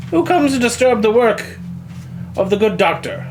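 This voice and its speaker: A man's voice: high-pitched, sing-song, moderate pace, a little mellow, a little hiss or hum, pitched above the performer's own voice, rough recording. A man voicing an ancient, lofty alien scholar who calls himself a doctor, speaking grandly. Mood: grandiose. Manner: grandiose, proclaiming.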